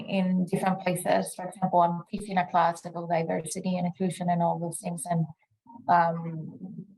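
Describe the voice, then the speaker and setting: A woman presenting in a casual webinar discussion over a video call, speaking thoughtfully with frequent pauses and fillers. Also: fairly low pitch, darkish tone, low-quality recording.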